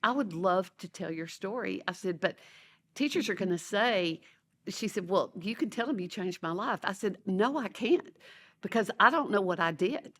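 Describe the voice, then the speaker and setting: A woman's voice: medium pitch, lively intonation, moderate pace. A woman educator, telling stories animatedly in a podcast interview and acting out the voices of the people she quotes. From Louisiana, USA. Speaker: educator and author, guest. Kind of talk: conversational storytelling.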